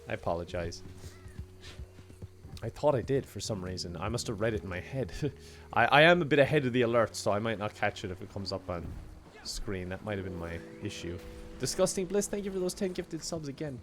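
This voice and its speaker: A man's voice: lowish voice, lively intonation, brisk, a bit bright. Male streamer, loose chatty delivery, laughs a lot, faint game music under his voice. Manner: chatty, laughs often, thanks viewers by name. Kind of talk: casual gaming livestream chat.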